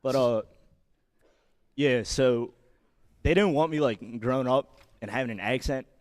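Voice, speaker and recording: A man's voice: medium pitch, measured pace, dry recording, studio quality, big-room sound. A young man with a Philadelphia accent, introducing himself casually to a class and filling his speech with "like". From South Philadelphia. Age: young adult. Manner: relaxed, lots of "like". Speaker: student. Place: lecture hall.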